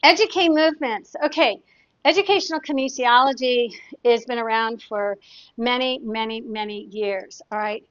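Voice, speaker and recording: A woman's voice: fairly high pitch, normal speed, fairly bright tone, no room sound. Chatty woman therapist, dull dry sound. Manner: chatty, demonstrative, tells anecdotes. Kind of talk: casual teaching talk.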